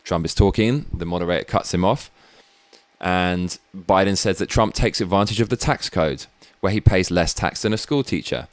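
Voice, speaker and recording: A low-voiced British man holds forth in a blunt, sweary monologue, wandering off into asides before pulling himself back on track. The sound is close and dry, with no room around it. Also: normal speed, dry recording. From Britain. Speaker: show host. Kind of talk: opinionated political commentary.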